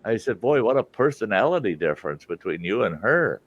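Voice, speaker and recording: A man's voice: fairly low pitch, fairly quick, dry recording, muffled recording. An older man hosting, telling a personal story in a casual way and acting out the voices of the people in it. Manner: animated, acts out quoted voices. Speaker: storytelling host.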